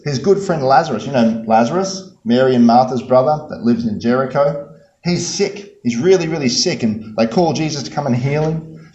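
A man preaching a sermon, emphatic, repeating key phrases and swinging between loud bursts and hushed lines. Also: mid-range voice. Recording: roomy, dull-sounding hall recording.

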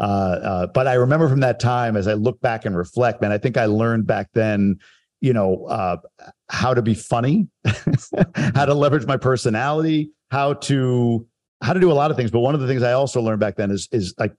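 A man from Long Island talks about his childhood in a relaxed podcast chat. His tone is reflective and self-deprecating. His voice sits at a middle pitch. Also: brisk. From Long Island, New York. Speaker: guest telling his life story. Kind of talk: casual podcast conversation.

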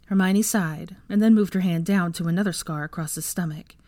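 A woman reading fan fiction aloud as narrator, at an even, steady pace. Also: lowish voice, a little fast, few pauses, dry recording.

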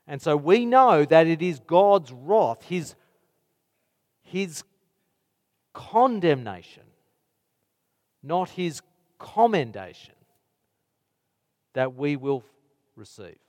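A man with a high voice preaches a sermon at an unhurried pace, setting his words apart with weighty pauses. A long hall reverb trails behind his voice. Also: very animated, darkish tone.

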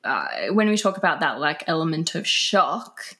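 A woman's voice: sits low, very animated, moderate pace, bright, forceful tone. A young woman, a podcast guest, talking in a casual, chatty way with lots of fillers. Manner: laughing, chatty storytelling with many fillers. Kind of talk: casual conversational interview.

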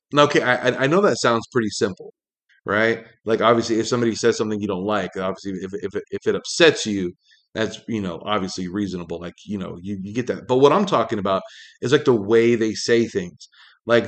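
A man hosting a talk show, ranting in a loose, profane monologue full of fillers, his pitch jumping up when he gets angry. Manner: rambling, heavy swearing, many fillers, pitch jumps when angry. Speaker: podcast host.

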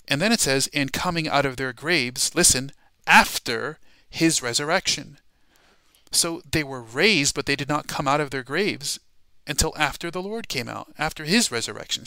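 A man teaching a Bible study class in a sermon style, emphatic and dramatic, slowing down to stress key words. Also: medium pitch, vocal fry, pushed and bright, no room sound.

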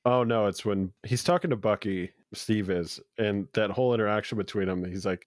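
A man's voice: on the low side, brisk, few pauses, no echo, studio quality. A man co-hosting a podcast, chatting casually about a movie with crude jokes and frequent laughter. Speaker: podcast co-host. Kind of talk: casual movie-review chat.

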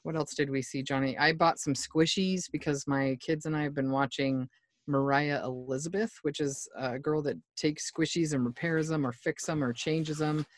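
A man's voice: a little high, fairly even intonation, moderate pace, dry recording, studio quality. A man co-hosting a podcast, chatting casually in a rambling way and laughing often. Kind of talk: casual chat.

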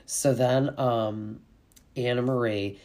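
A podcast host talks through a reality show recap in a chatty, gossipy way. The voice sits at an ordinary middle pitch. Fillers like "like" come constantly as the speaker rambles on. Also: fairly even intonation, takes it slowly, darkish tone. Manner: chatty, gossipy, heavy use of "like".

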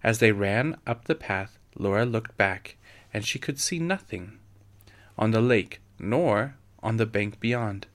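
A man reading a storybook aloud in a measured, steady narration. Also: on the low side. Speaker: reader.

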